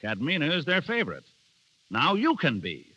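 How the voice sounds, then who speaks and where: A man's voice: fairly high pitch, wildly swooping pitch, sharp tone, dry recording, full character voice. An actor playing a pushy concert manager, persuasive and salesman-like, in 1930s radio drama style. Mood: coaxing. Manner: persuasive, fast-talking, salesman-like. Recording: dull old radio broadcast.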